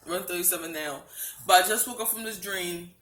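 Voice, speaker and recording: Earnest woman with a bright, echoey voice. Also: on the low side, a little fast. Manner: earnest, repetitive, pleading, many restarts. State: heart racing, close to tears. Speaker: vlogger sharing a religious dream. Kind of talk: emotional testimony to camera.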